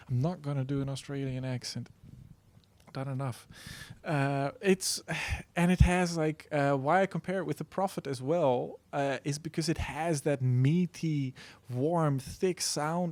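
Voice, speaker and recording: A man's voice: a little high, measured pace, darkish tone, no echo. A man vlogging in casual chat, enthusiastic and rambling with many fillers. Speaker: synth vlogger.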